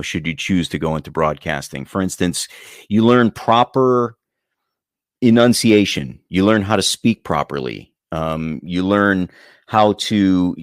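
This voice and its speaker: Deep-voiced man, measured broadcaster talk. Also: no room sound, studio quality. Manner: measured, explains plainly with broadcaster's enunciation. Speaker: radio broadcaster and voice-over guest. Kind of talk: podcast interview answer.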